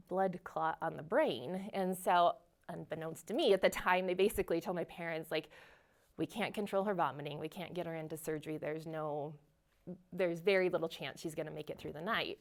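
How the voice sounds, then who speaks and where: A woman giving a personal faith testimony, earnest and storytelling, with frequent fillers and small laughs. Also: lowish voice. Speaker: guest sharing her testimony.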